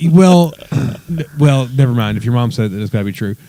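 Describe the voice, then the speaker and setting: A man's voice: medium pitch, expressive, a little fast, warm tone, no room sound. A man with a Kentucky accent hosting a podcast in casual banter, teasing his co-hosts and asking questions. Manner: joking, teasing, asks questions. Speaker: podcast host.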